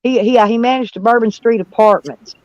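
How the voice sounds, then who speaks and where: Rambling woman, high-pitched, muffled. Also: brisk, a little mellow. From Southern United States. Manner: rambling, folksy, swears freely. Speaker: livestream host. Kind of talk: casual chat. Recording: slightly muffled dry audio.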